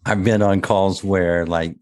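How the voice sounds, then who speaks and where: Very deep-voiced man, halting speech. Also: fairly even intonation, a little mellow. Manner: halting, restarts and repeats words. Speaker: podcast host and business owner. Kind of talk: casual podcast conversation.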